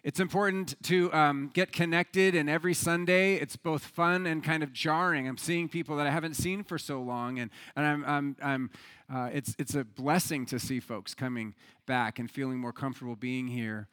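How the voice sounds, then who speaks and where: A man's voice: a little high, moderate pace. A man preaching a sermon as pastor, telling a joke story with rising energy and talking conversationally with some stumbles and repeats. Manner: lively storyteller, builds to loud excitement in anecdotes.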